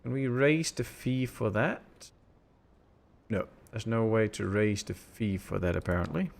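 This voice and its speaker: A man casually commenting while he plays a city-building game on a live stream, relaxed and chatty, answering chat as he goes. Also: on the low side, a little slow, gravelly.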